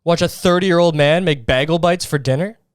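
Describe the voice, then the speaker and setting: Young guy ranting on his podcast, fed up and cussing, smooth voice, dead dry sound. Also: fairly high pitch, fairly quick, no echo. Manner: exasperated, profane, ranting. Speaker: podcast host. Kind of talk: solo podcast rant.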